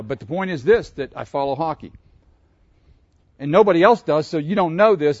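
A man from Pittsburgh preaching a sermon, animated and asking his listeners questions. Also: a little high, dry recording, dull audio. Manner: animated, asks the audience questions. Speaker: pastor.

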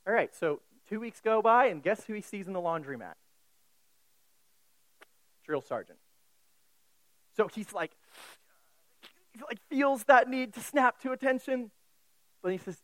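A man's voice: sits high, animated, moderate pace, pauses often, no echo, poor audio. A man preaching a sermon in a conversational way, often asking the listeners questions.

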